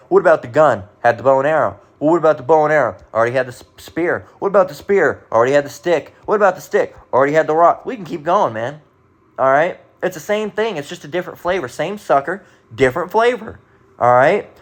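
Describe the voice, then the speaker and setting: A man giving a casual Bible lesson in an emphatic, profane way, constantly checking in with "all right?" and reading scripture slowly with heavy stress. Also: a little high. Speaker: bible teacher.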